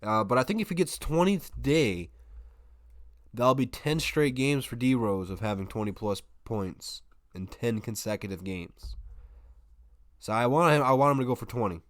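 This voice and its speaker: A man's voice: mid-range voice, animated, normal speed, no room sound, clean studio sound. A man hosting a live basketball watch-party stream, chatting casually with his viewers, often restarting his sentences. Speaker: sports live stream host. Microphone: desk microphone.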